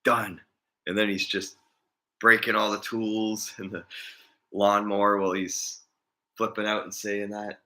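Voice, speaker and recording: A man's voice: fairly low pitch, flat delivery, unhurried, pushed and bright. A man vlogging in a casual, rambling chat, often chuckling as he talks.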